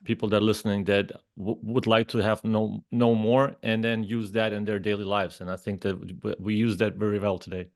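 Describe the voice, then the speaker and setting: A man's voice: lowish voice, level tone, brisk, hardly any pauses, dry recording, clean studio sound. A man from Lithuania hosting a podcast, framing long questions with repeated words and restarts. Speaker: podcast host. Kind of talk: podcast interview.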